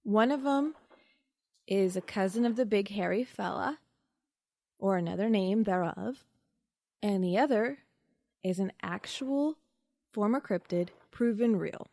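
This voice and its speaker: A woman's voice: medium pitch, measured pace, creaky, pauses often, warm tone, no room sound. A woman hosting a podcast, playfully quizzing a guest and spelling out names letter by letter. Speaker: podcast host. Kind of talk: quiz game in casual podcast chat.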